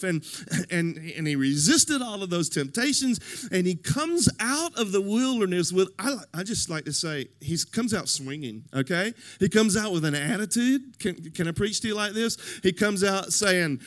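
Animated high-voiced male preacher. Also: moderate pace. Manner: animated preaching, addresses the congregation directly. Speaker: pastor. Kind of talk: sermon.

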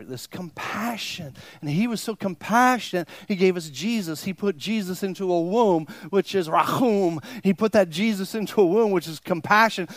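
A man's voice: high voice, no room sound. A pastor preaching a sermon to his congregation, emphatic and repeating phrases for stress, often acting out his listeners' reactions. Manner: plays out imagined listeners' reactions. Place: church service before a congregation.

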